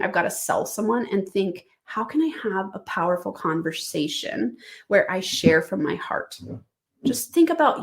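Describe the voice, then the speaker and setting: A woman hosting a motivational business podcast, talking straight to the listener in an upbeat, direct coaching manner. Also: mid-range voice.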